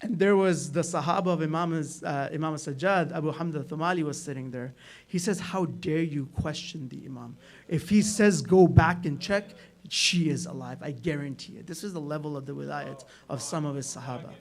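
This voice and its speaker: High-voiced man telling a sermon story. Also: moderate pace. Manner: storytelling with frequent "right?" asides, rising loud in dramatic moments. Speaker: speaker at a religious gathering. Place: community hall.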